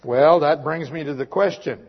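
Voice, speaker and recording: A man's voice: on the high side, normal speed, gravelly, breathy edge. A male preacher giving a sermon in a church, earnestly reading a dramatic poem to his congregation. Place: church sanctuary. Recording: muffled recording with long reverb.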